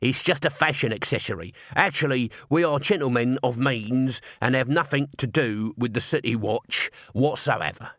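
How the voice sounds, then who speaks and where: A man's voice: medium pitch, normal speed, hardly any pauses, a bit bright, no echo, clean studio sound, close to an everyday voice. A man voicing a shifty, small-time city watchman who talks in a cheeky, nervous, wheedling way.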